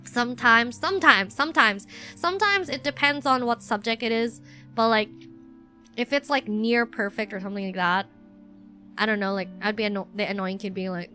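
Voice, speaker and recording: A woman's voice: mid-range voice, a little fast, bright, forceful tone. A young adult woman chatting on a casual stream, rambling and self-deprecating with lots of fillers. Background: faint music.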